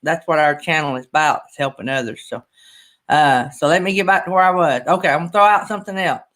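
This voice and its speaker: A man's voice: fairly high pitch, fast talker, fairly bright tone. A middle-aged man, hosting a casual livestream chat in a rambling, folksy, emotional way. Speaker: channel host.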